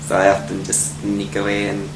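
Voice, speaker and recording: A man playing a timid, soft-spoken young man who talks in a prim, gentle way. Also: lowish voice, completely flat delivery, normal speed, gravelly. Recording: echoey room with air-conditioning hum.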